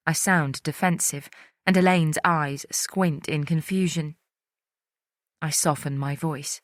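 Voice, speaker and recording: Woman narrating an audiobook, lowish voice, dry close mic, measured. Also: steady tone, no echo. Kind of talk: first-person audiobook narration.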